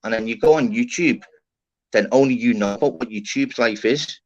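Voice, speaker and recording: A man rambles casually on a live stream, swearing freely and tagging "innit" and "lad" onto his sentences. His voice sits at an ordinary pitch. The sound is muffled and lo-fi, like a dull stream feed. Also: moderate pace, background noise. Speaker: livestream host. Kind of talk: casual chat. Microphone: live stream panel, online call.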